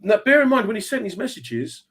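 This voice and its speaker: A man, a comedian hosting a radio show, telling a lively anecdote and acting out the voices of the people in it. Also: high-pitched, husky. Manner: fast, animated storyteller acting out dialogue. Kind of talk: casual chat, telling a stage anecdote.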